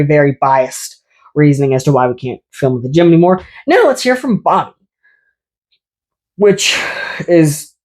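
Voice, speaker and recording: A man's voice: on the high side, a little mellow. A man, a fitness YouTuber, delivering a ranting vlog monologue to camera in an exasperated, sarcastic way, with self-aware asides.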